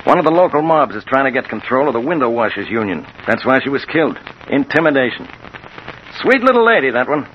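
A brusque, matter-of-fact police captain with a lively voice that rises and falls, played by an actor. It is 1940s radio acting on a muffled old broadcast with faint hiss. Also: male voice, mid-range voice, fast talker, close to an everyday voice. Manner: dry, matter-of-fact, teasing.

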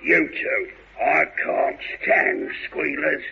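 A gravelly gangster. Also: male voice, on the high side, wildly swooping pitch, takes it slowly, noisy background, full character voice. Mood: menacing. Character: menacing small-time male crook, bullying gangster act. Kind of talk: 1960s radio comedy acting. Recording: dull old radio recording.

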